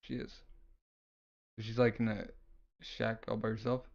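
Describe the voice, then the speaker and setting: A man's voice: fairly low pitch, flat delivery, slow pace, gravelly, long pauses, a little mellow, lo-fi sound. A man casually reading a comic aloud and reacting, loose and rambling with lots of fillers.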